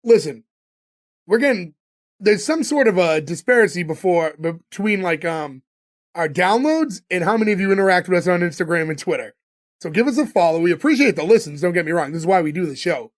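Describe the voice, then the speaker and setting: A man's voice: high-pitched, lively intonation, fairly quick. A man hosting a casual sitcom podcast, reading upbeat intros and chatting with friends. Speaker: podcast host.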